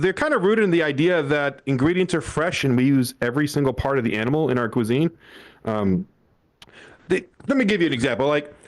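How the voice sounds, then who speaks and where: A young man performs a stand-up set into a handheld mic on a comedy club stage. He tells family stories, acting out quotes in passing and laughing often. His voice sits a little high for a man.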